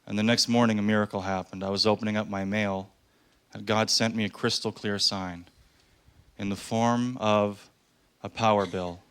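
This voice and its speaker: A man doing a stand-up comedy routine, telling stories deadpan and slipping into voices for the people in them. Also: fairly low pitch, moderate pace, a little hiss or hum. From Canada. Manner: deadpan storytelling with acted-out voices. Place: comedy club stage with a live audience.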